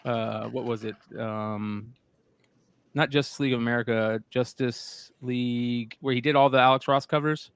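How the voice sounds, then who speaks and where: A man's voice: medium pitch, fairly even intonation, normal speed, clear, resonant tone, no room sound. A man hosting a live stream, chatting casually and rambling with lots of fillers. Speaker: host. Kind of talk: casual chat.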